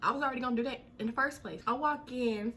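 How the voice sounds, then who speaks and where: A young woman telling a personal story in a casual, animated way, full of slang and dramatic retellings. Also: sits high, fast.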